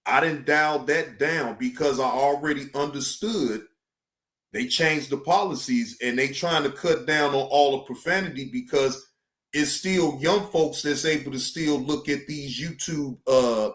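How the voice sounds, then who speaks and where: A man's voice: a little slow, reverberant. A man chatting loosely and profanely on a live stream. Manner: loose, animated, profane, slangy, mimics others in high voice. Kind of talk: casual live stream chat.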